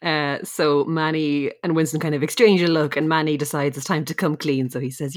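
A woman's voice: low voice, fairly quick, few pauses, dry recording, clean studio sound. A woman co-hosting a podcast, retelling an episode in casual chat and acting out the characters' lines. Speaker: podcast co-host.

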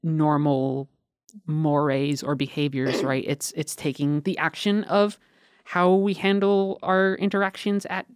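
A woman's voice: low voice, takes it slowly, clean tone, no echo, studio quality. A woman guest on a casual podcast, telling stories with gusto and swearing freely. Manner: animated,喜 swearing freely, storytelling; animated storyteller who swears freely. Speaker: podcast guest, games writer.

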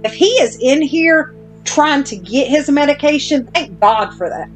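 A woman's voice: high-pitched, animated, unhurried, soft background music. A woman podcast host telling a long story in casual chat, blunt and self-deprecating, with casual swearing.

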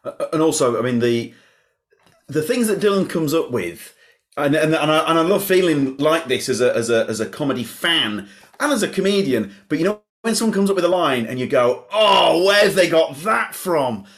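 A man's voice: on the high side, lively intonation, a little fast. A man hosting a comedy podcast, chatting casually and hesitantly with his guest. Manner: hesitant, many fillers and restarts. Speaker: podcast host. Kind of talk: casual chat.

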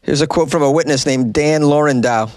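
A man's voice: fairly high pitch, fairly quick, a little mellow, dry recording. A man hosting a casual comedic news commentary, reading headlines and riffing with joking asides.

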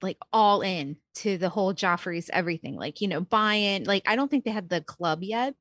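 A woman's voice: medium pitch, moderate pace, fairly bright tone, no room sound, clean studio sound. A woman co-hosting a casual podcast, telling a story in a chatty way with many fillers. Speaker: podcast co-host. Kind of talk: casual chat.

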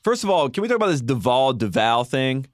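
A man talking casually about college basketball as a podcast co-host, animated and quick to laugh. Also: mid-range voice, dry recording, studio quality. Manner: animated, mimics announcers, laughs often. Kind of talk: casual sports talk.

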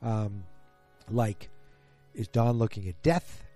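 A man's voice: fairly low pitch, animated, takes it slowly, dark tone, soft background music. A man casually recapping a TV episode, musing aloud and trailing off with ums and restarts, speaking straight to his listeners.

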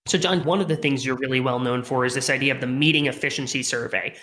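Bright-voiced man hosting a podcast. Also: mid-range voice, quick pace. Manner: curious, lays out detailed example questions. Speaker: podcast host. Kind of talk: podcast interview.

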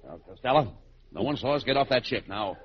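A man playing the straight man in 1940s radio comedy, brisk and exasperated. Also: mid-range voice, animated, over loud music. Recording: lo-fi old radio recording with loud hiss.

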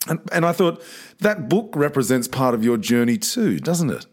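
A man hosting a podcast interview, asking questions and thanking his guest in an appreciative, expressive way. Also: fairly high pitch, moderate pace. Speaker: podcast host.

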